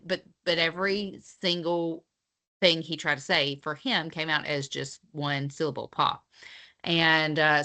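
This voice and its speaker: A woman's voice: low-pitched, sharp tone. A woman teaching physical therapy students in a casual lecture, with lots of fillers as she explains.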